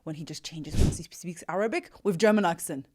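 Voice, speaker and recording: Curious young woman host, lowish voice. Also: darkish tone. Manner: curious, quick questions, laughs often. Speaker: podcast host. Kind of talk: casual interview chat.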